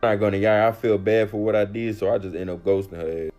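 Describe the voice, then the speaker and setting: A young man tells a raunchy personal story in a loose, animated, slang-heavy way. He talks fast in a dark, relaxed voice. Faint music plays behind him. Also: lowish voice, muffled recording. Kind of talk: casual storytime monologue.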